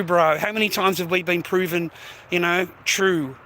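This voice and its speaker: Australian man, loose walk-and-talk streamer, high bright voice, faint street noise. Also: fairly even intonation, normal speed. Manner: chatty, rambling, peppers speech with "mate" and "bro", swears. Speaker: live streamer. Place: outdoors, walking along streets. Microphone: phone held while walking.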